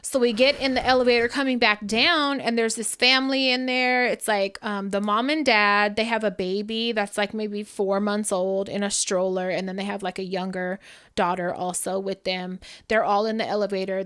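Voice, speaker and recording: A woman's voice: mid-range voice, moderate pace, clean tone. A woman co-hosting a podcast, telling a story casually and with energy, swearing often and acting out what people said. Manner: animated, profane storytelling with acted-out quotes. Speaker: podcast co-host.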